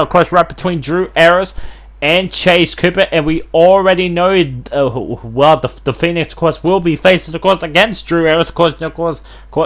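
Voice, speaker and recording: Male wrestling commentator, a bit high-pitched; filler-heavy, rambling calls with bursts of excitement. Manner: rambling, constant fillers and restarts, bursts of hype. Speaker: host and play-by-play commentator.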